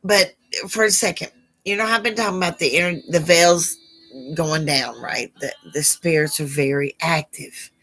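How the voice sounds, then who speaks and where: A woman's voice: low voice, moderate pace, a bit bright, a little hiss or hum. A woman hosting a live psychic Q&A stream, chatting casually with viewers and calling them baby. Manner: affectionate, calls viewers baby, struggles over names.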